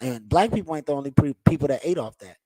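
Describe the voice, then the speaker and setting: A man's voice: medium pitch, lively intonation, fast talker, dark tone. A man hosting a podcast in a casual, laid-back way, talking straight to his viewers. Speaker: podcast host.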